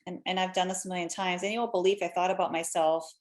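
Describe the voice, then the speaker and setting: A woman's voice: lowish voice, flat delivery, fast talker, a little mellow. A woman in her thirties hosting a live stream, chatting casually and animatedly with lots of fillers.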